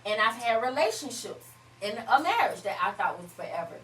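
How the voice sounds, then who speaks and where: A woman's voice: a little high, sing-song, a little fast, a bit bright, a little hiss or hum. A woman hosting a casual chat, talking emphatically and swearing freely. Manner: profane, emphatic, laughing banter. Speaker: podcast host. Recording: echoey room, voice from far off.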